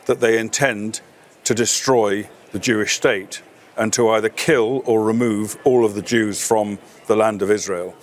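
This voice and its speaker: A man's voice: on the low side, slight background noise. A middle-aged man, a military expert guest in a studio interview, making his case in a firm, emphatic way. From Britain.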